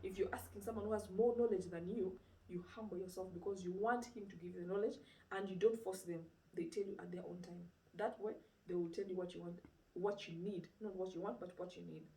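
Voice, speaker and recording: A woman's voice: lowish voice, brisk, recorded from a distance, a little hiss or hum. A woman giving an informal sermon, retelling a story with rhetorical questions and conversational fillers. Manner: lively retelling with rhetorical questions and frequent "you know". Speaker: preacher. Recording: roomy sound, speaker away from mic.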